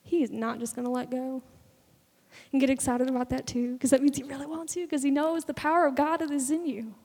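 A woman's voice: high-pitched, steady tone, fairly quick, darkish tone. A woman in her twenties preaching a sermon in a fervent, conversational way, acting out little bits of dialogue. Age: 20s. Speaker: speaker giving a testimony sermon. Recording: long hall reverb.

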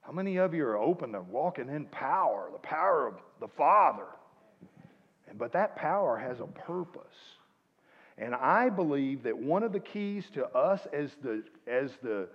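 A man preaching a sermon, swinging between loud exhortation and quiet asides. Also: medium pitch, very animated, normal speed, breathy edge. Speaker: pastor. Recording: muffled, reverberant church hall.

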